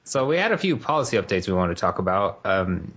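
Husky-voiced podcast host. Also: male voice, low voice, big pitch swings, quick pace, fairly bright tone, muffled recording. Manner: moderating, joking, moving topics along. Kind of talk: casual panel chat.

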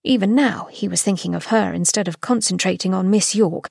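A woman's voice: mid-range voice, brisk, gravelly, a little mellow, slightly rough, no room sound, clean studio sound. Woman reading a romance novel aloud. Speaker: podcast host reading a novel excerpt. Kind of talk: scripted narration.

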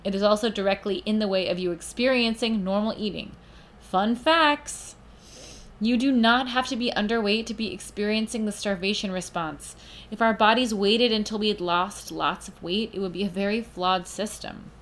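A woman's voice: mid-range voice, moderate pace. A young woman hosting a casual solo podcast, tired and rambling in a frank, scattered way. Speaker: podcast host.

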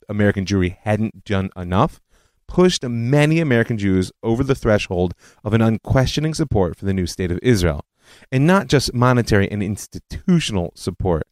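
Lively low-voiced man narrating history. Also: no echo. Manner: animated storytelling with personal asides. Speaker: history podcast host. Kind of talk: scripted history lecture narration.

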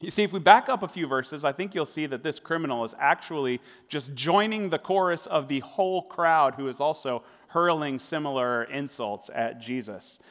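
A man's voice: on the high side, normal speed, hardly any pauses, a bit bright. Conversational man preaching in a reverberant hall. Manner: conversational, with fillers and tag questions. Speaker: pastor. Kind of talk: sermon.

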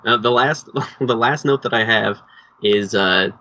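A man's voice: fairly low pitch, measured pace, bright, forceful tone, dull audio. A man co-hosting a podcast, chatting casually and teasing his co-hosts in a dry way. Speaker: podcast co-host. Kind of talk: casual chat.

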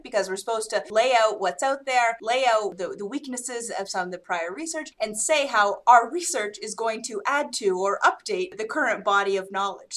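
A woman's voice: medium pitch, fairly bright tone. A woman co-hosting an academic podcast, asking questions in an engaged, joking way. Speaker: podcast co-host. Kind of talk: casual academic podcast chat.

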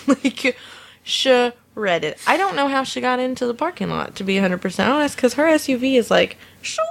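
A woman's voice: high voice, a little fast, vocal fry. A woman casually telling a funny story about something that happened at work, acting out the people in it and laughing often. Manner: animated, acts out quoted voices, laughs often. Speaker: storyteller recounting a work incident. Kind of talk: casual anecdote.

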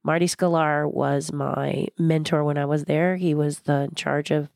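An older woman being interviewed, talking in a passionate, blunt and animated way. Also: low voice, unhurried, vocal fry, no echo, studio quality. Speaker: guest, former theme park designer. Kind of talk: candid interview conversation.

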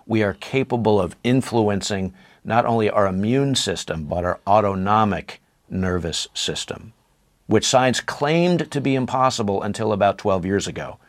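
A man's voice: fairly low pitch, animated, normal speed. A man talking earnestly and enthusiastically as a podcast guest, often restarting his phrases. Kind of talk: podcast conversation.

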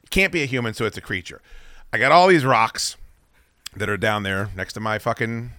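A male podcast host telling a story in a casual, profane way, his pitch swinging widely as he acts out what he yelled. His voice is bright and forceful. Dry, close studio sound. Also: brisk, no room sound. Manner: profane, animated, acts out his own shouting.

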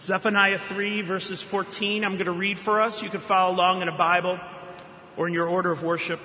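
Bright-voiced preacher in echoey hall. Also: male voice, high-pitched, little pitch movement, fairly quick. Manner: earnest, storytelling preacher. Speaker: pastor. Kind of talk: sermon. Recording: echoey hall reverb, faint room noise.

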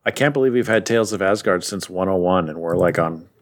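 A man in casual chat, recapping a comic as a podcast co-host, animated and jokey. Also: sits low. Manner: animated, puts on quick silly voices while retelling.

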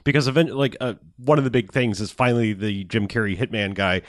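A man's voice: fairly low pitch, brisk, no room sound, clean studio sound. A man casually recapping a movie plot in a rambling, profane way, laughing often.

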